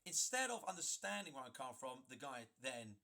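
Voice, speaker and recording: A man telling a story in a vlog, emphatic and animated, often restarting his sentences. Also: medium pitch, normal speed, gravelly. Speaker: gaming video creator.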